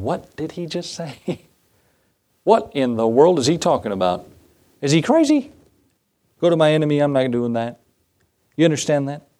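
A man preaching a sermon, reading scripture in old-fashioned wording and asking the congregation rhetorical questions. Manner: animated, rising pitch when emphasizing.

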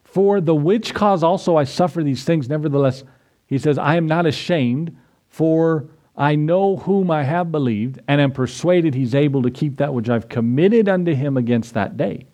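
A man preaching a sermon to his congregation, conversational and then rising to excited emphasis. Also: a little high, normal speed. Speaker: pastor.

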